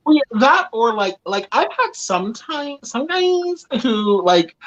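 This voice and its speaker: A man's voice: extremely high pitch, big pitch swings, slow pace, a bit bright, muffled recording. A man, a drag queen co-host, rambling and giggling emphatically in casual chat.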